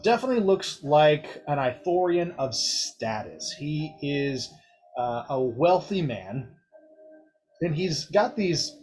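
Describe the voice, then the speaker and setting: A man narrating a tabletop game as game master, chatty and descriptive, with fillers and light laughter between lines. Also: fairly high pitch.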